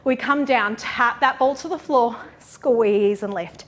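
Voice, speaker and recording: Woman, pilates instructor, high voice, unhurried, out of breath, encouraging cues. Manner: encouraging, counts reps aloud. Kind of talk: cueing a workout class.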